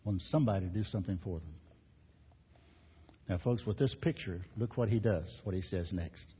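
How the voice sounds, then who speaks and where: A man's voice: low-pitched, normal speed, slightly rough. A man preaching a sermon as pastor, emphatic and repetitive, rising and falling in force. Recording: muffled, reverberant hall recording.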